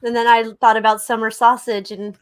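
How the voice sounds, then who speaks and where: A woman's voice: fairly high pitch, level tone, a little fast, smooth. A woman co-hosting a live tarot stream, chatting playfully and greeting viewers in a sing-song way. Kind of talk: casual chat.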